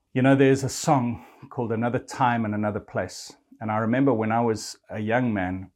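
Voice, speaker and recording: An older man preaching a sermon in an earnest way, quoting scripture with dramatic pauses. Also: fairly low pitch, a little mellow.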